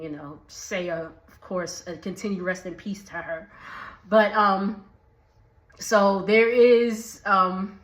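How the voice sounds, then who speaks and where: A woman's voice: medium pitch, a bit bright, roomy sound. A woman giving a chatty recap of a reality show, laughing often and mimicking the people she quotes. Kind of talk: casual recap vlog.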